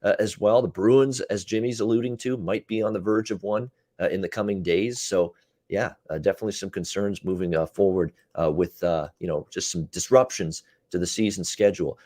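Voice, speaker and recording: A man hosting a casual sports betting chat, recapping games in quick runs with frequent "uh" fillers. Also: sits low, dark tone, no echo, studio quality. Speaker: betting show host and handicapper.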